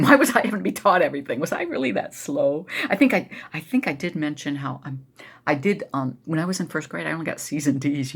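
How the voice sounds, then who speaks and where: A woman with a deep, gravelly, husky voice tells a personal story to her viewers. She digresses constantly and addresses them as "y'all." At times her emotion pulls her down into a soft near-whisper. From US Midwest. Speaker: vlogger.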